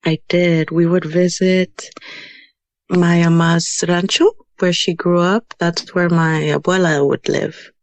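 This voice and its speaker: A woman's voice: on the low side, fairly even intonation, takes it slowly, no room sound. A woman in her thirties from Houston, chatting casually as a podcast guest, telling stories with many "you know"s and Spanish words sprinkled in. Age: 30s. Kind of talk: casual storytelling interview.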